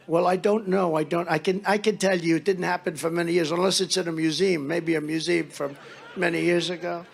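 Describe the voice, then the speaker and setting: A man with a high voice and a gravelly edge speaks at a political rally. He tells rambling, mocking stories and slips into little acted-out exchanges between people. His delivery is loose and conversational. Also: fairly even intonation, fairly quick. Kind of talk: rally speech.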